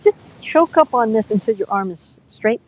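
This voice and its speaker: A woman over fifty teaching a live yoga class outdoors on a beach, giving gentle, coaxing cues and counting breaths. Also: a little high, animated, normal speed, low-quality recording.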